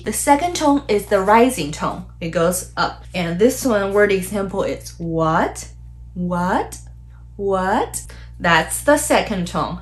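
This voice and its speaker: A woman with a Chinese accent talks through a casual Mandarin lesson. She explains patiently and repeats single syllables, swooping them up and down to show each tone. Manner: explains tones slowly, repeats syllables with exaggerated pitch. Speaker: Mandarin teacher.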